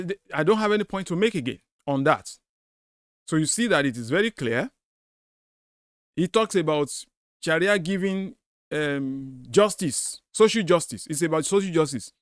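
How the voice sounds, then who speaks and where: Emphatic man with a higher voice. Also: no echo, clean studio sound. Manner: emphatic, repeats his points. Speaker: host of a commentary video. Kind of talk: commentary on a debate clip.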